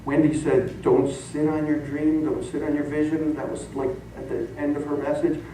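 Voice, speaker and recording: Animated and laughing through his stories, a middle-aged pastor delivers a sermon in a church sanctuary. His voice is fairly high at normal speed, heard from far off in an echoey hall with slight background noise.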